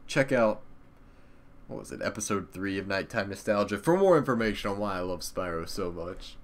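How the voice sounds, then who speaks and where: A man's voice: lowish voice, animated, moderate pace. Profane, rambling young man reminiscing. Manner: rambling, profane, laughs often. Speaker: YouTuber. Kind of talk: casual nostalgic commentary.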